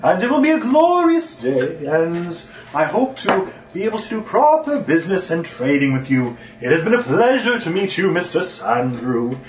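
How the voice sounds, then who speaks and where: A man's voice: high voice, big pitch swings, moderate pace, few pauses, echoey room, distant mic. Man doing a sing-song polite trader. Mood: courteous. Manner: sing-song, formal, courteous.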